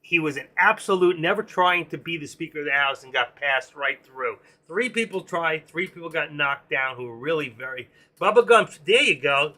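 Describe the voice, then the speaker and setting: A man's voice: a little high, normal speed, few pauses, sharp tone. A man hosting a casual live stream, rambling and joking as he talks to his viewers by name. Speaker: live stream host and room moderator.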